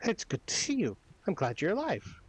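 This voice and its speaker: A man's voice: sits high, wildly swooping pitch, moderate pace, husky, no room sound, pitched above the performer's own voice, full character voice. Man doing an earnest villager guide.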